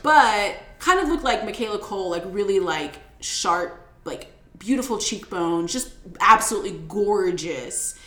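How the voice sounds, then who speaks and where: Lively, bright-voiced young woman chatting. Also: mid-range voice, unhurried, reverberant. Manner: animated, laughing, swears, acts out quotes. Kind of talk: casual chat.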